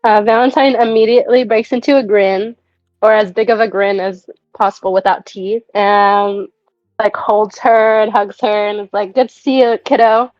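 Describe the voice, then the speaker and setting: A woman's voice: mid-range voice, little pitch movement, moderate pace, no echo. A woman player describing her character's actions in a chatty, giggly way. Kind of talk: casual tabletop play. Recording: dry, dull lo-fi mic.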